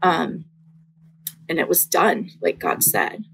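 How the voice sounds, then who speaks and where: A young woman sharing a personal faith testimony in casual conversation, earnest and halting, with many fillers. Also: low-pitched, sing-song, gravelly, a little hiss or hum, rough recording.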